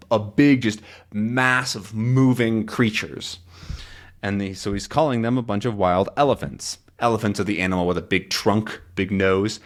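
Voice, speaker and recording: A man teaching English, explaining a comic story in a casual, patient way, stopping often to explain words. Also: fairly low pitch. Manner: explains words slowly, many fillers and restarts.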